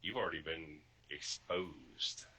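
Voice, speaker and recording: A man with a very low voice and a sharp, forceful tone. He is a trucker who sits in on a casual podcast chat and reasons through his points deliberately. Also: slightly rough, rough recording. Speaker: truck driver and podcast regular.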